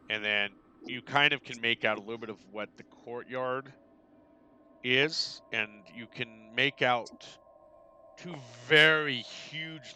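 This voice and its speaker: A man's voice: medium pitch, pushed and bright, slight background noise. A man running a tabletop game as game master, describing the scene with many ums and restarts. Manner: hesitant, many fillers and restarts.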